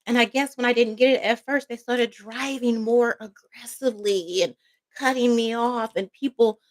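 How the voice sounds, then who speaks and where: A woman's voice: on the high side, fairly even intonation, moderate pace. A woman vlogger telling a personal story in a casual storytime monologue, rambling, emphatic and swearing freely.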